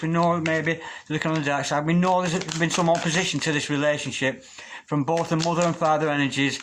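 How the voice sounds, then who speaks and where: A man giving a tarot reading, gentle and gushing, who drops into a low, repeated chant when he calls on the spirits. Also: fairly even intonation, brisk, noisy background. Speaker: tarot reader. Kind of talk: tarot reading with spoken invocations.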